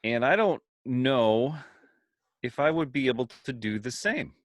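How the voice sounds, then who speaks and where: Male podcast co-host, lively swinging pitch, mid-range voice, animated storyteller. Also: a little slow, no room sound. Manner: animated, mimics voices while telling stories. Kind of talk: casual chat.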